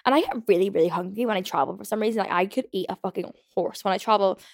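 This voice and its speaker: A young woman hosting a podcast, telling a story in a fast, chatty rant full of swearing and fillers. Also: mid-range voice, creaky, darkish tone, no room sound, clean studio sound. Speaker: podcast host. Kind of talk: casual solo rant.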